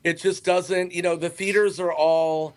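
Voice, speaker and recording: Slightly high-voiced man telling rambling stories. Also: level tone, unhurried. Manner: rambling, self-interrupting anecdotes. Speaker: guest comedian. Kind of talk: casual podcast storytelling.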